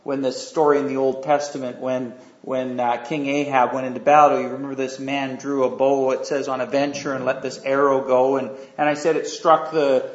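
Chatty preacher, echoey hall. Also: male voice, medium pitch, level tone, normal speed, hardly any pauses. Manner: conversational, asks the audience questions, many fillers. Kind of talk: sermon with storytelling. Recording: echoey room, dull lo-fi sound.

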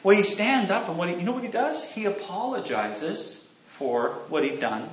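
Man preaching, rambling storyteller, fairly high voice, echoey hall, dull lo-fi sound. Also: lively intonation, moderate pace. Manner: rambling, self-correcting, asks the congregation questions. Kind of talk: sermon with anecdotes. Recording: roomy, dull lo-fi recording.

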